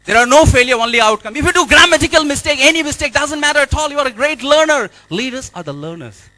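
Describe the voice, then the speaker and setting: A man with an Indian English accent giving an energetic motivational speech to an audience in a hotel event hall, repeating and urging his listeners on. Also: very high voice, fast. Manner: energetic, repetitive, exhorting the audience. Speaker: life and business coach.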